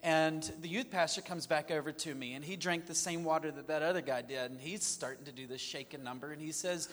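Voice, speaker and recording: Animated male storyteller, slightly high voice. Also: brisk, in a large hall. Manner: animated, self-mocking anecdotes. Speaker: guest. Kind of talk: storytelling in a conversation.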